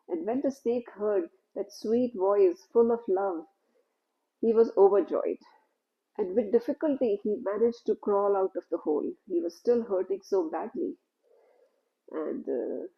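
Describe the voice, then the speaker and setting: A woman telling a spiritual story in a gentle, unhurried, conversational way. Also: mid-range voice, lo-fi sound.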